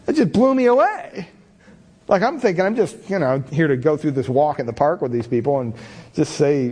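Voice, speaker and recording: A man's voice: a little high, animated, normal speed, darkish tone. A middle-aged man preaching a sermon, telling candid, self-deprecating stories about himself with many casual fillers. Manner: chatty, many fillers like "you know". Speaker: pastor.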